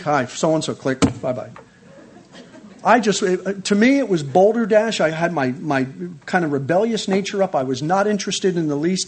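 A man telling a personal testimony in a lively storytelling manner, acting out quotes and laughing often. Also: on the high side. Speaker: speaker sharing a testimony.

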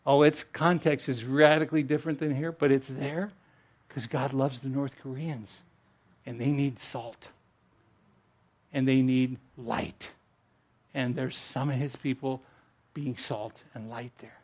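A man's voice: medium pitch, fairly even intonation, a little slow, long pauses, darkish tone. A middle-aged male pastor giving a conversational sermon, stumbling over restarts and building to emphatic rises.

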